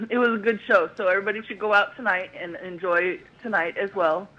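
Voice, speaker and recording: A woman's voice: medium pitch, steady tone, a little fast, highs cut off. A woman calling into a talk show, chatting casually and teasing the hosts. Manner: teasing, playful. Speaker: caller. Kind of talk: casual chat on a phone call.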